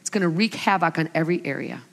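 A woman in her forties preaching a sermon to a live gathering, an animated storyteller who acts out her family's lines. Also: deep voice, quick pace, creaky. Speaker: women's ministry speaker. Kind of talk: sermon with humorous stories. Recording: long hall reverb.

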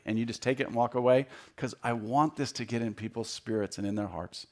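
A man in his fifties giving a conversational sermon as a guest speaker in a church, joking and repeating words and getting louder to stress a point. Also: medium pitch, fairly even intonation, fairly quick, hardly any pauses. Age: 50s. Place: church sanctuary.

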